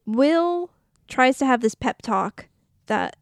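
A woman's voice: sits high, lively intonation, takes it slowly, clean tone, dry recording, clean studio sound. A woman co-hosting a podcast, recapping a movie in casual chat and doing playful voices for the characters. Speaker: podcast co-host.

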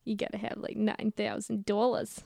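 A woman co-hosting a movie podcast, trading quick jokes in casual chat. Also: medium pitch, monotone, creaky, dark tone, dry recording, studio quality. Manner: quick, joking banter. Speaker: podcast co-host.

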